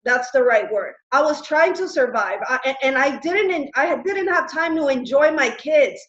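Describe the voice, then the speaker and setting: A woman in her thirties, a fitness coach, telling her personal story earnestly and excitedly on a group call. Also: high voice, normal speed. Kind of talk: recruiting talk on a group call. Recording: roomy, dull lo-fi call audio.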